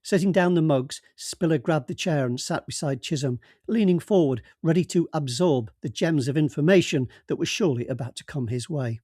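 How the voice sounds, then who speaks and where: A man narrating a novel in a steady, even audiobook reading. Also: a little high, moderate pace, hardly any pauses, slightly rough, no echo, clean studio sound.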